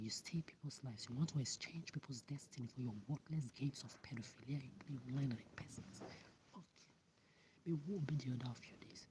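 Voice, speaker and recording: A man, ranting bitterly at the camera and often dropping into a hissed whisper. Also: mid-range voice. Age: 30s. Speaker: vlogger. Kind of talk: angry monologue to camera. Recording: steady background noise.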